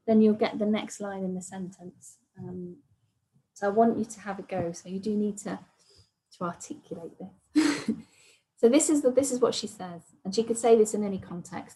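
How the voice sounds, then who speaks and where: A woman with a mid-range voice explains material patiently during an online training, frequently hedging with "kind of" and "sort of." It is a low-quality recording.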